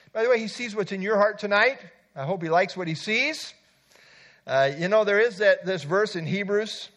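Male pastor, fairly high voice, animated conversational sermon delivery. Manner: lively, conversational preaching with asides.

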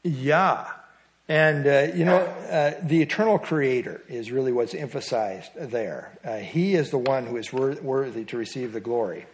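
A man's voice: medium pitch, moderate pace. A middle-aged man teaching a small Bible study class in a folksy, teasing way, with a lot of fillers and restarts. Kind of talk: casual Bible lesson.

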